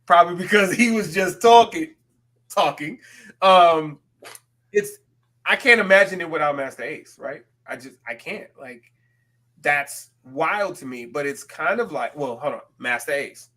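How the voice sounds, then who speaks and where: A male podcast co-host from the West Coast of the US, talking in loose, animated chat. His voice sits a bit high for a man and comes across bright and forceful. He drops in quick self-aware asides.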